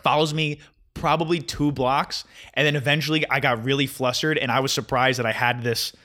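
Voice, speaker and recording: Bright-voiced young man telling stories. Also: mid-range voice, fairly quick. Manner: profane, laughing, animated storytelling. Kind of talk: casual podcast storytelling.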